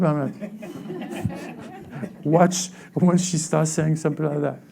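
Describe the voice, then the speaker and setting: Gravelly high-voiced male pastor preaching. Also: steady tone. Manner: halting, repeats words, swings from quiet to loud. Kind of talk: sermon.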